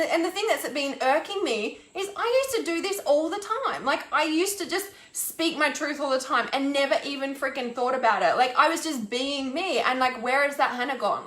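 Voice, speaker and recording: A woman's voice: high voice, fairly bright tone, echoey room. A woman, an intuitive healer, ranting on a live stream, exasperated and swearing, with lots of restarts and "like". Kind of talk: angry live-stream rant.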